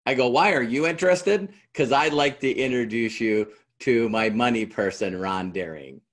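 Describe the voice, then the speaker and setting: A man's voice: medium pitch, moderate pace. A middle-aged man giving a talk to an audience in a conversational way, acting out both sides of past dialogues as he tells a story. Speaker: motivational speaker.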